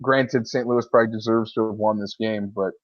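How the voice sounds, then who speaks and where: A man co-hosting a casual sports talk show, agreeing often and chiming in quickly. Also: fairly low pitch, fairly even intonation, dry recording, lo-fi sound. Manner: agreeable, quick back-and-forth with many "yeah"s. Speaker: podcast co-host.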